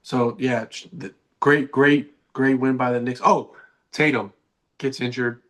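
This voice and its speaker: A man's voice: medium pitch, steady tone, unhurried, fairly bright tone. A young man co-hosting a casual sports podcast, rambling and often restarting his sentences. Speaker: podcast co-host.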